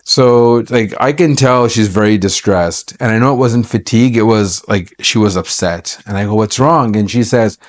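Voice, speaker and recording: A man's voice: on the low side, moderate pace, hardly any pauses. A middle-aged man from Canada, an accountant, telling a personal story to camera in a chatty, aggrieved way with many fillers and restarts.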